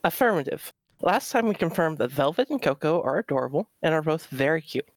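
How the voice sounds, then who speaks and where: A man's voice: on the high side, lively intonation, brisk, no room sound, close to an everyday voice. A man voicing a dutiful robot girl who reads out minutes in a formal, precise manner.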